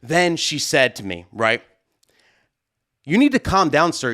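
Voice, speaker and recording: A young man, a wedding DJ, recounting a run-in with a venue manager in a casual vlog. He talks loud and lively, his voice jumping high when he gets worked up. The pitch sits a little high for a man. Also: a little slow. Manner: animated, loud and heated, acting out both sides of an argument.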